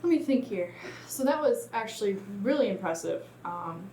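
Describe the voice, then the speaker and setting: A woman hosting a casual interview, explaining ideas gently and encouraging her guest. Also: mid-range voice, lively intonation, normal speed, slight background noise. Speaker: host. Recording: roomy echo.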